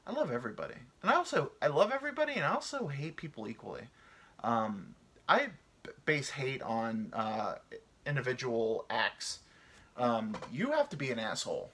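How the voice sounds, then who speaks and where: A man in his thirties talks on his own in a loose, meandering way and swears freely. He is short on sleep. His voice is bright and a little tense, and his pitch jumps around with lively swings. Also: normal speed, breathy edge. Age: 30s. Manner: meandering, swears casually, muses aloud. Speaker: podcast host. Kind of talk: rambling solo chat.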